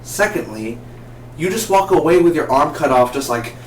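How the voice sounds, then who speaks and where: A man giving a casual, excitable TV review, rambling and asking his viewers questions, recorded in a roomy space from a distance. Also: a little high, normal speed. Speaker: TV show reviewer. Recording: roomy, distant mic, faint noise.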